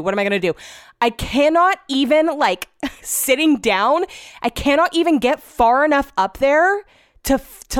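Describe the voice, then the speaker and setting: A woman's voice: a little high, clear, resonant tone, no echo, studio quality. A woman hosting a podcast alone, telling a story candidly and animatedly, swearing freely and laughing at herself, recorded in her home office. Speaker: podcast host.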